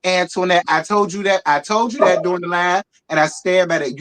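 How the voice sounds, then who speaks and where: Sassy blunt co-host, casual gossip livestream, mid-pitched voice, throws shade. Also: fairly quick, few pauses, fairly bright tone. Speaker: co-host of a live reality TV review show.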